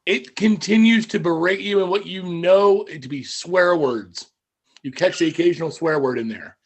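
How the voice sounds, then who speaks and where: A man narrating as game master of a tabletop game over voice chat, wry and relaxed, often stopping to restart a sentence. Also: sits high, moderate pace, slightly rough.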